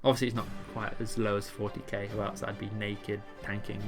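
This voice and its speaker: A man narrates his gameplay in an offhand, jokey way, reading ability text and tripping over words. His voice is bright and forward, and faint music sits under it. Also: fairly low pitch, moderate pace. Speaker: gamer explaining a raid boss. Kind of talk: casual gameplay commentary, reading abilities aloud.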